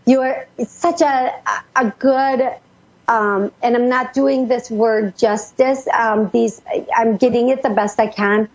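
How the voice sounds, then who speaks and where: Channeling messages for a caller, a radio psychic speaks in a high, husky, breathy voice with fairly even intonation, hurrying and breathlessly starting her sentences over. The audio is dull and lo-fi, much like an old radio show.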